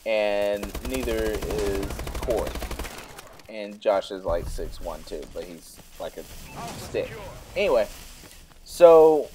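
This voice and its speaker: A young man vlogs a funny personal story, rambling casually with plenty of fillers and laughing as he tells it. His fairly low voice has lively intonation and a slow pace, and there's noise in the background.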